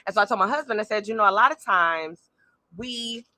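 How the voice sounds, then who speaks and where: Bright-voiced woman hosting a live talk. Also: mid-range voice, brisk, no echo. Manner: animated, talks straight to her audience, frequent asides. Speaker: podcast host. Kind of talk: live-streamed motivational talk. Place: small room at home. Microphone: phone or camera on a tripod.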